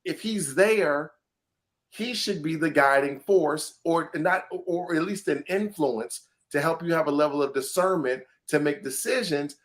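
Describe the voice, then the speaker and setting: Animated man co-hosting a podcast. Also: a little high, unhurried. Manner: animated, emphatic, breaks into laughter. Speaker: podcast co-host. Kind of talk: casual podcast discussion.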